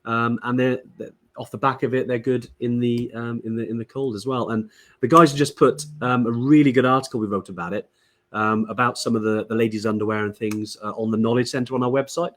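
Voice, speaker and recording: A man from Wales co-hosting a relaxed live stream, his voice sitting at an ordinary middle pitch. He talks in a loose, chatty way, full of ums and restarts, as he greets viewers and shares tips. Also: brisk. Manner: chatty, many fillers and restarts. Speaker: podcast co-host. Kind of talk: casual live-stream chat.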